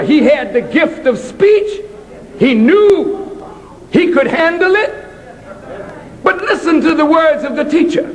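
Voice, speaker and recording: High-voiced man preaching slowly. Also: expressive, long reverb tail, rough recording. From Boston, United States. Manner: emphatic, preacherly, rising to shouts. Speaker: speaker at a college address. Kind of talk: impassioned public address. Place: college auditorium.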